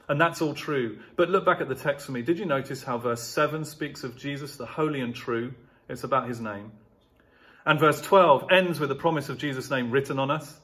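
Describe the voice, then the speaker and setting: A pastor preaching a sermon, stressing key words and driving home points through rhetorical repetition. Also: male voice, mid-range voice, moderate pace, fairly bright tone.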